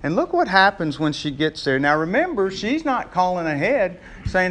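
A male pastor giving a sermon with a notably high voice. He talks to the congregation in a folksy, joking way rather than with formal oratory. His delivery stays casual and conversational. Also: sing-song, normal speed, hardly any pauses, fairly bright tone.

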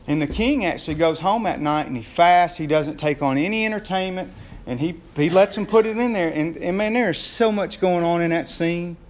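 A man with a high-pitched voice preaches a sermon. He tells the story in a lively way, chuckles often and keeps asking his listeners questions. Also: moderate pace. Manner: lively storytelling with frequent laughs and rhetorical questions. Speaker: pastor.

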